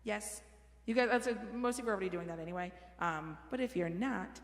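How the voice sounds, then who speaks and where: A woman's voice: mid-range voice, a little fast. A woman leading a choir rehearsal in a church, giving casual, encouraging instructions on diction and dynamics. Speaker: choir director. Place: church sanctuary. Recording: roomy hall with music behind.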